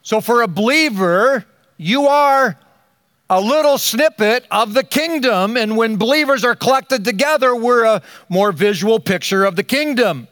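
An older man preaching a sermon, slow and emphatic, with dramatic pauses between phrases. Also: very high voice, lively intonation, a bit bright, dry recording, clean studio sound. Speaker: pastor.

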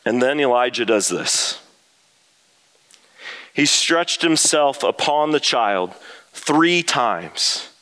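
A man preaching a sermon to his congregation, earnest and emphatic, climbing high when he voices prayers. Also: lively intonation, slow, long pauses, bright, forceful tone. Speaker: pastor.

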